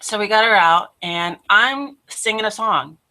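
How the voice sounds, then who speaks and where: A woman hosting her own show, telling a personal testimony in an animated way, laughing often and acting out what people said. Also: mid-range voice, unhurried. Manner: animated, laughs often, acts out quoted voices. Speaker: host.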